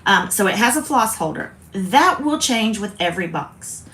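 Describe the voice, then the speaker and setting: A woman's voice: medium pitch, very animated, moderate pace, a bit bright. A woman from South Carolina, hosting a chatty, rambling craft video and often interrupting herself. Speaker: host. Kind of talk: casual chat.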